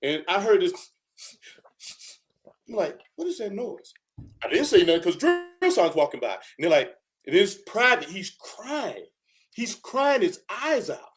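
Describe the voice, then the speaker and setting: Speaking high and at a measured pace with long pauses, a retired army first sergeant, now an older man, recalls basic training over a video call. He tells the stories casually but with lively animation, performing each character, as faint music plays in the background.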